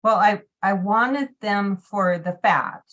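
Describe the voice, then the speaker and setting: A woman's voice: mid-range voice, slow pace, fairly bright tone. A woman checking in on a support group video call, polite and a little hesitant as she asks a question.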